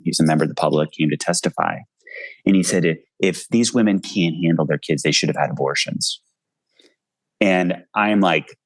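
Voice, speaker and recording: A man's voice: deep voice, dry recording, low-quality recording. A man in his forties, an author speaking earnestly and with passion in an interview from his home. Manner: earnest, impassioned, speaks in bursts. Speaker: author and guest. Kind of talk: video call interview.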